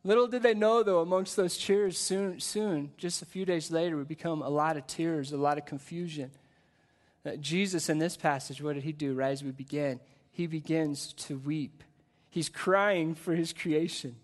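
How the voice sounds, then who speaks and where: High-voiced man preaching conversationally. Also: fairly even intonation. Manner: conversational preaching with rhetorical questions; drops soft and slow on solemn points. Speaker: pastor. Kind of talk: sermon.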